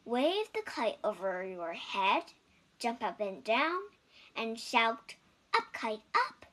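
A woman's voice: a little high, big pitch swings, slow, a bit bright, exaggerated voice. A woman voicing a patient, encouraging male frog in a storybook reading.

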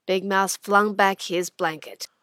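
A woman hosting and narrating a children's radio drama, animated and dropping to whispers for suspense. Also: mid-range voice, takes it slowly, no room sound, studio quality. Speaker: narrator and host. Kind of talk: expressive children's story narration.

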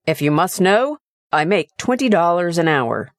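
A woman's voice: on the low side, sing-song, moderate pace, no room sound, clean studio sound. A woman voicing a tired working father who talks curtly to his son. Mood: irritated. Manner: curt, irritable.

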